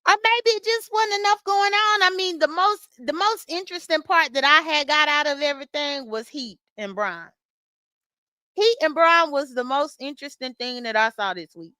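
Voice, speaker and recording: High-voiced and lively in intonation, this woman keeps a moderate pace, her tone pushed and bright with no echo. She chats casually with viewers while getting ready in the morning, recapping online drama, laughing often, and addressing commenters by name.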